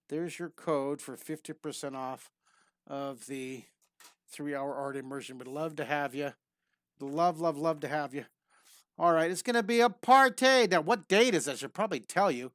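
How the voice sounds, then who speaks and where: A cheerful male drawing teacher leads a live online lesson, narrating each pencil stroke as he goes. His voice sits a little high for a man and sounds close and dry, with no room echo. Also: fairly bright tone. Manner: upbeat, encouraging, repeats reassuring catchphrases.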